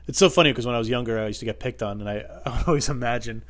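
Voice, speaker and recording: A man's voice: medium pitch, rapid-fire, a bit bright. A man hosting a solo podcast, telling rambling, profane comic stories from home. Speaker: podcast host. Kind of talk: solo comedic storytelling podcast.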